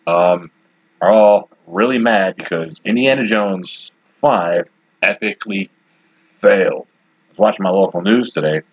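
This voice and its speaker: Podcast host, male, 40s: blunt and rambling, husky voice, dry close sound. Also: deep voice, a little slow, no room sound, muffled recording. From Detroit, USA. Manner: rambling, blunt and opinionated, with frequent asides. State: has the hiccups. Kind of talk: casual solo commentary.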